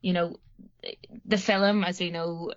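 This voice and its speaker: A woman's voice: fairly low pitch, steady tone, takes it slowly. A young woman with a Northern Irish accent chatting casually on a podcast, rambling anxiously with lots of fillers. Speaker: podcast co-host. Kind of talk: casual chat. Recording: muffled lo-fi audio.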